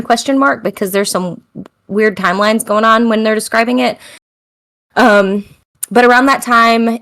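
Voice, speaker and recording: A woman's voice: medium pitch, fairly bright tone. A woman co-hosting a podcast in casual chat, reading from her research notes, full of ums, stumbling over foreign names and apologizing for it. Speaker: podcast co-host.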